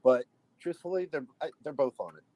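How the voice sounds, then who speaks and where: A man's voice: fairly high pitch, a little fast, dark tone, rough recording. A man chatting as a livestream guest, talking loosely with lots of "you know". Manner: rambling, leans on fillers like "you know". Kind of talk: casual livestream chat.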